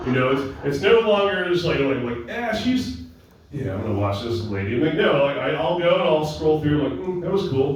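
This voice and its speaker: A young man doing a crude, rambling, self-mocking stand-up set at a comedy show. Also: mid-range voice. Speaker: stand-up comic. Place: comedy club stage. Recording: echoey room, far from mic, noisy.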